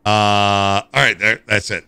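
Speaking slowly in a lowish, creaky yet clear and resonant voice, an American man livestreams gameplay with no echo. He jokes around animatedly and complains to his viewers in chat.

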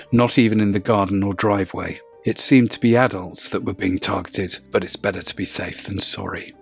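Husky male horror narrator. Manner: measured, low-key storytelling. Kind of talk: first-person horror narration.

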